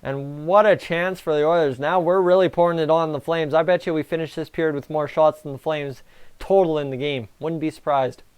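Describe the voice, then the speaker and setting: A Canadian man hosting a live stream, giving excitable, chatty reaction commentary on a hockey game and talking to his viewers. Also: fairly high pitch, a little fast, smooth. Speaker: livestream host.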